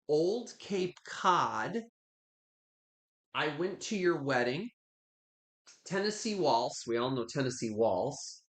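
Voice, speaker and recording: A man hosting a live online sale, chatting warmly with viewers and gushing over each item he shows. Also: mid-range voice. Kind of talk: live online auction selling.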